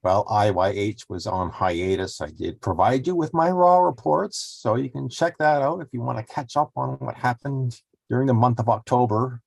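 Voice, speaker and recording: A man co-hosting a podcast, giving wrestling reports in a laid-back, halting way. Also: medium pitch, steady tone, vocal fry, dry recording. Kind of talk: casual wrestling podcast chat.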